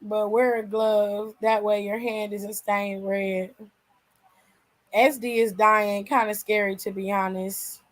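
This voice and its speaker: A woman's voice: mid-range voice, flat delivery, takes it slowly, poor audio. A woman hosting a wrestling channel, chatting casually and slangily with viewers on a live stream while tired and yawning.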